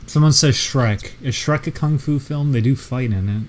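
A man's voice: mid-range voice, moderate pace, soft background music. A man chatting casually on a game stream, dropping dry, wry remarks. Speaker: streamer, co-host.

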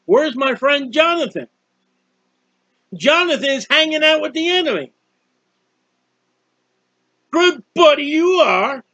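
A man's voice: extremely high pitch, expressive, takes it slowly, pauses often, pushed and bright, no echo, highs cut off. A man preaching an informal sermon on a psalm, earnest and conversational, often repeating himself. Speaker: street preacher.

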